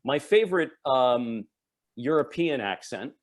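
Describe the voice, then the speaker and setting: A man from Long Island in New York talking in a relaxed interview. He is an audiobook narrator and dialect coach, and he explains things at length in an easy, expansive way, pitched in a middle range. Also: unhurried. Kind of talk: casual chat.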